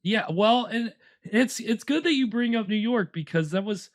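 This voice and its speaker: A man's voice: high voice, animated, moderate pace, no room sound, clean studio sound. Chatty young man hosting a stream. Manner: rambling, lots of restarts and likes. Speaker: host. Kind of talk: casual chat.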